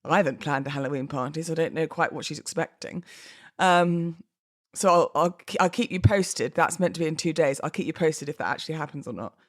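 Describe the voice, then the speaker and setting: A woman's voice: low-pitched, brisk. A woman from England in her thirties hosting a casual solo podcast, chatty and self-deprecating, laughing often and a little out of breath from pregnancy. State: heavily pregnant, a bit out of breath. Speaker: podcast host.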